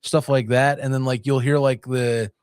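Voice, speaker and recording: A man's voice: mid-range voice, level tone, normal speed, a little mellow, clear, resonant tone, dry recording, studio quality. A man in casual sports podcast talk, rambling and self-interrupting, laughing often.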